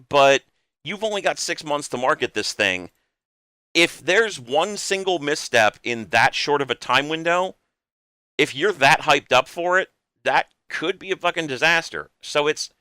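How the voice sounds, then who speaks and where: A male podcast host with a bright, crisp voice speaks earnestly and with emphasis, dropping casual swears. The sound is dry and close, with no room around it. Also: a little high, no echo.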